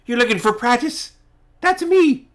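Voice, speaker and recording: Brief: wild-haired old hermit, booming and high, bright and animated, done by a man. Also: measured pace, heavily acted. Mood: delighted. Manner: booming, northern ice-region accented common.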